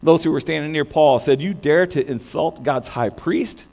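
An American man preaching a sermon, animated, often restarting his words mid-phrase. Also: fairly high pitch, normal speed. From United States. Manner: animated, many restarts and stammers. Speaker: pastor. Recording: long hall reverb with mains hum.

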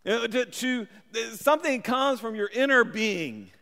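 High, bright-voiced man preaching in a reverberant church. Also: animated, unhurried. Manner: conversational, repeats words, bursts into shouts for emphasis. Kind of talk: sermon. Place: church sanctuary. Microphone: handheld or stand mic.

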